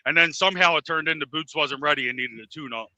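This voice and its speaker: A man on a boxing panel who talks fast and presses his point with insistent questions. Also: a little high, sharp tone, no room sound, low-quality recording. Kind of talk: heated casual debate.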